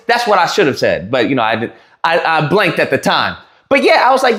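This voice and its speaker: A man tells the story in a heated, mocking rant, laughing at his own jabs and tripping over restarts. His voice sits high and swings widely in pitch. The room around him rings with echo. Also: sing-song, normal speed, fairly bright tone. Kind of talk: animated ranting recap to camera. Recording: roomy echo.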